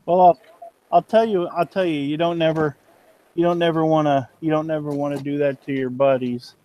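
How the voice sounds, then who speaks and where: Middle-aged man, folksy, rambling, repeats himself, slightly high voice. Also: steady tone, a little fast, dull audio. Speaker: reseller on a live stream. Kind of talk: casual late-night chat.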